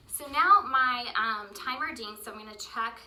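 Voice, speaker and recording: A woman's voice: fairly high pitch, normal speed, bright, forceful tone. Chatty woman cooking in an echoey kitchen. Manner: chatty, rambling, with many ums, baby talk to her dog. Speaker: home cook vlogger. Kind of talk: casual cooking vlog chat. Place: home kitchen. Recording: roomy kitchen, mic some distance off, faint background noise.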